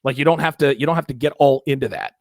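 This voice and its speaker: A man's voice: medium pitch, quick pace, no room sound, studio quality. A man hosting a call-in dating advice show, emphatic and repetitive, often acting out little mock dialogues. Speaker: host.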